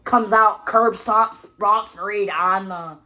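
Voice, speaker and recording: A woman reviewing a wrestling show in a casual video, with a rambling, excitable recap full of "you know" and "like". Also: medium pitch, slow pace.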